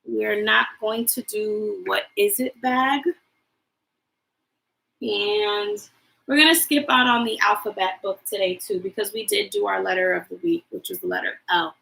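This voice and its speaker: A woman teacher talks to young children over a livestream from home. She is slow and encouraging, spelling words letter by letter for them to repeat. Her voice is bright, fairly high and a little gravelly. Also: rough recording. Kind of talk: livestreamed kindergarten lesson.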